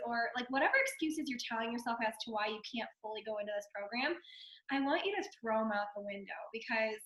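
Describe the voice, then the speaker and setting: Hoarse chatty woman coach, bright voice. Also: on the high side, quick pace. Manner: chatty, fillers and repeated okay. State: hoarse from a cold. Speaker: fitness coach guest. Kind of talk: casual motivational talk. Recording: echoey room.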